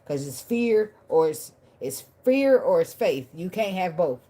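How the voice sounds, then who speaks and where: A woman's voice: fairly low pitch, sing-song, measured pace, warm tone, breathy edge, poor audio. A woman giving a casual tarot reading to her viewers, blunt, profane and preachy, laughing at times and thanking viewers by name. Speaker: tarot reader.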